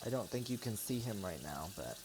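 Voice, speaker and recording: A woman's voice: rumbling low, sing-song, fairly quick, background noise. A woman in her twenties chatting casually to camera while doing kitchen chores, rambling with lots of "like" and "you know.". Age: 20s. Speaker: vlogger. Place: home kitchen. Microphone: own microphone near the sink.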